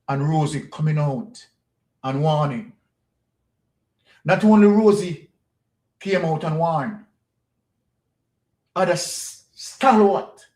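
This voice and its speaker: A man's voice: on the high side, a little mellow, echoey room. A Jamaican man giving an opinionated political monologue as a commentator, pressing his points with rhetorical questions and repetition.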